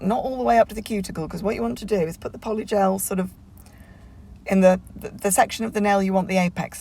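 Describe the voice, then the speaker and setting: A woman narrates a nail tutorial at home in a casual voiceover. Her voice has a gravelly, fry-touched texture. She rambles chattily, full of ums and restarts. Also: mid-range voice, darkish tone.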